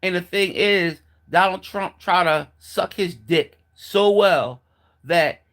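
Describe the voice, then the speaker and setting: A man's voice: high-pitched, slow, fairly bright tone. A man giving a casual, blunt opinion monologue, mocking and profane, with lots of fillers and restarts. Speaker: commentator.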